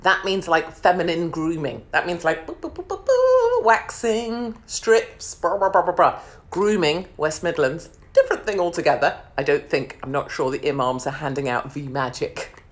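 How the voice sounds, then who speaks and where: Brash middle-aged woman host, low voice, mocking comic monologue, casual swearing. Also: sing-song, normal speed. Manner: brash and mocking, calls viewers darlings. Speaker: show host. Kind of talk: comedic to-camera monologue.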